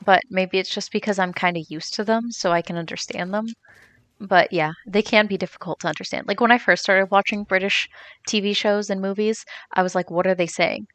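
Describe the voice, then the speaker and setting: A woman's voice: mid-range voice, steady tone, a little fast, fairly bright tone, no echo. Chatty young woman streamer, very dry sound. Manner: chatty, rambling, answers chat questions. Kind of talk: casual chat while gaming, reading chat.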